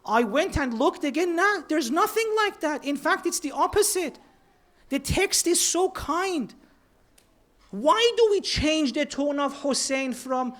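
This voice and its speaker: A man's voice: very high-pitched, expressive, a little slow, fairly bright tone. Earnest man preaching. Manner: earnest, mixes Persian words into English. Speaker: speaker at a religious centre. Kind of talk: sermon.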